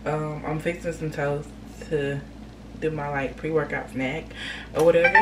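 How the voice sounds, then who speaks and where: A woman's voice: low-pitched, fairly even intonation, moderate pace, very noisy. A young woman chatting casually in a vlog from a parked car, full of fillers and gushing feeling. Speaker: vlogger and clothing designer.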